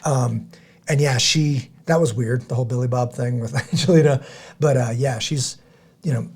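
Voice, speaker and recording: A middle-aged man hosting a podcast in casual chat, rambling and halting, with many restarts and fillers. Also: mid-range voice, darkish tone, husky. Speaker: podcast host.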